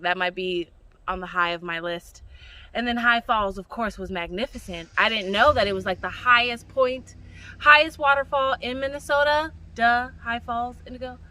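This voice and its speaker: A woman's voice: a little high, normal speed, pushed and bright, poor audio. A woman hiking vlogger talking casually outdoors on forest trails, chatty, upbeat and self-mocking. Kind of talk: casual vlog narration.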